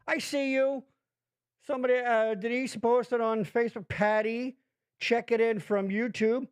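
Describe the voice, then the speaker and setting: A man's voice: very high-pitched, normal speed, smooth, no room sound. A man hosting a live-streamed show, rambling and swearing in casual chat. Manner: rambling, swears freely, animated. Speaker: podcast host.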